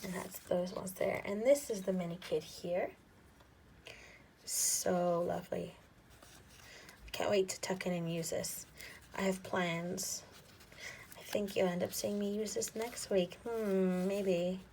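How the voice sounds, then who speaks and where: A young adult woman hosting an unboxing vlog, gushing and excitable, often dropping to a soft near-whisper. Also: medium pitch, slow, creaky, long pauses, a little hiss or hum. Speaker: planner vlogger.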